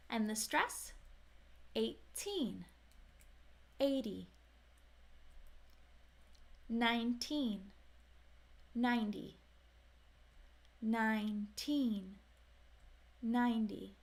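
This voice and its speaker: A woman with an American accent teaching English pronunciation, saying numbers slowly and carefully for learners to repeat. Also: on the high side. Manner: slow, careful, over-articulated modelling of words. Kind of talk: scripted pronunciation lesson.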